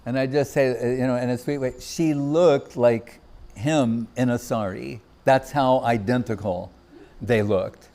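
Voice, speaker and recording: A man's voice: mid-range voice, fairly even intonation, measured pace. A man giving a devotional festival talk, telling anecdotes and acting out the voices of the people he quotes. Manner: anecdotal, warm laughter, acts out quoted voices. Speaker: Gaudiya Vaishnava speaker. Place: temple festival gathering.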